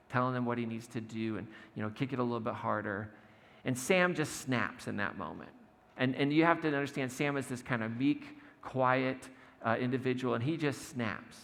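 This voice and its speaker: A man's voice: mid-range voice, fairly bright tone, in a large hall. A man preaching a sermon in a church, telling a story conversationally, acting out the quotes and laughing now and then. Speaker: pastor. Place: church sanctuary.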